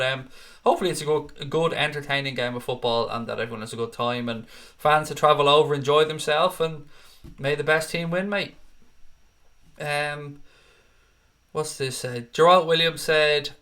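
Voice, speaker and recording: A man's voice: medium pitch, sharp tone. A man, chatting casually as host of a live stream and reading out viewer comments. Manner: chatty, casual, swears freely.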